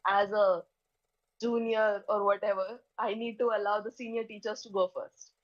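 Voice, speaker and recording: A woman's voice: mid-range voice, flat delivery, moderate pace, no echo, muffled recording. A young woman, telling a story in casual chat and filling her speech with "like" and "okay". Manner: chatty, peppers speech with "like" and "okay", acts out dialogue.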